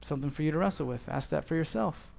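A man's voice: fairly high pitch, fast talker, gravelly, darkish tone. A man in his thirties preaching a sermon as a pastor, telling a story and acting out both sides of the conversation. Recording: long hall reverb.

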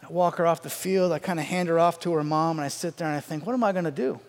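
A high-voiced middle-aged man spins a comic story on stage, building to loud outbursts and then dropping to quiet asides. His voice carries a long reverb from a large hall. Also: level tone, fast talker. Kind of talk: stand-up storytelling.

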